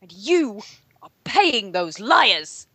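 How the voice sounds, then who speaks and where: A woman's voice: medium pitch, very animated, extremely slow, fairly bright tone, breathy edge, no room sound, heavily acted. A woman voicing a stiff, resentful anti-feminist reviewer who rants. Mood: ranting. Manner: rigid, ranting.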